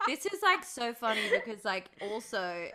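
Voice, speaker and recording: An Australian woman with a very bright voice chats as a podcast guest. Her pitch swings freely, and she talks in a giggly, filler-heavy way. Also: very animated, normal speed. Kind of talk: casual chat.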